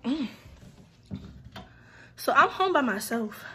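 A hoarse teenage girl talks straight to her viewers in a relaxed vlog, her worn voice sitting a bit high for a woman. She sounds tired and a little breathless. Steady background noise runs under the phone recording. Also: slow. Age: late teens. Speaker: vlogger. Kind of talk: casual vlog chat.

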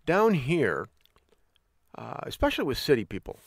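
A man's voice: mid-range voice, moderate pace, no echo. Folksy middle-aged man telling stories. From United States. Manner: folksy, animated storyteller acting out quotes. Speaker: podcast host. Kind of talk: casual storytelling monologue.

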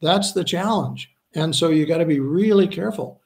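Gravelly-voiced man, earnest healer. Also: fairly high pitch, a little hiss or hum. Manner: earnest, slows down to stress points, acts out quoted voices. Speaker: spiritual healer guest. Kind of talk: conversational interview answers.

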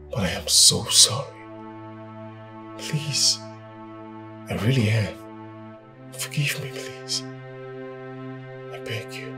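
A man with a Nigerian accent playing an anxious pastor husband who stammers, apologises and begs his wife to calm down. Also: deep voice, heavily acted. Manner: stammering, begging.

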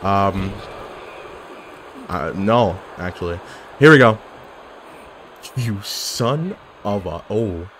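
Animated man reacting to an online game. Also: fairly low pitch, very slow, pauses often, a little hiss or hum. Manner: animated, yelling at the game, joking. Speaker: gaming YouTuber. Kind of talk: casual gameplay commentary.

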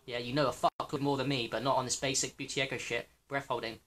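A man rants straight to his viewers in a blunt, animated way, swearing freely as he goes. His voice is bright and forceful, with a sharp edge. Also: medium pitch, fast talker. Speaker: health channel host. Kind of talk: casual monologue.

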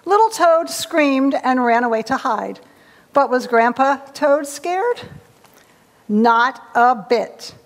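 A woman's voice: high-pitched, takes it slowly. Woman leading children's time in church. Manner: bright, animated storytelling to children. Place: church, sitting on the steps. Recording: long church hall reverb.

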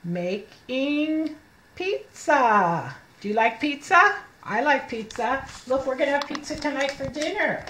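A woman teaching young children to read, stretching out each letter sound in a slow, deliberate way. Her voice sits a little high and she praises often, talking to the kids as if they were right there. The recording has a noticeable roomy echo. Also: animated, fairly bright tone, a little hiss or hum. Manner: encouraging, speaking to children as if they were present. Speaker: reading teacher. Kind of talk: early reading lesson for young children.

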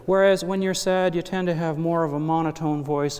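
A man's voice: a little high, steady tone, moderate pace, hardly any pauses, darkish tone, clean tone. A man giving an academic lecture to an audience, explaining step by step with asides and self-corrections. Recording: hall reverb.

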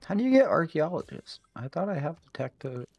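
A man's voice: a little high, sing-song, fairly quick, creaky, a little mellow, slightly rough, no room sound. A man playing a strategy game with a friend, teasing dryly and explaining game rules. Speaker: co-player on a game stream. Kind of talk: casual gameplay chat.

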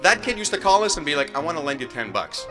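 A man delivering a playful comic monologue with animated, jumpy delivery, as a regular segment of a show. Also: quick pace. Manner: animated, playful delivery with sudden jumps in pitch. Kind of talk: stand-up style comic monologue. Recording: echoey hall with guitar music behind.

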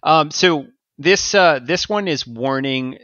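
A man's voice: a little high, takes it slowly, bright, forceful tone, no echo, lo-fi sound. A man co-hosting a podcast, explaining security news casually with fillers and easy laughs. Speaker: podcast co-host.

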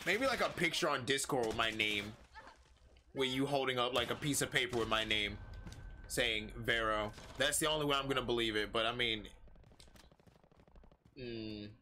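A man's voice: mid-range voice, moderate pace, long pauses, pushed and bright, slight background noise. A man streaming a shooter game, chatting casually with viewers and yelping when startled. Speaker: livestreamer. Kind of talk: casual gameplay commentary.

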